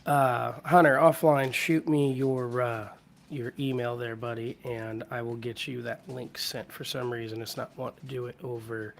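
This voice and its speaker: A man with a cold talks through a relaxed live-stream chat from his home, his hoarse voice held low to spare it. There's a gravelly edge to his mid-pitched tone, and he rambles easily between viewers' names and stories. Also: normal speed, a little hiss or hum. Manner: rambling, greets viewers by name. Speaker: livestream host. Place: at home with hardwood floors.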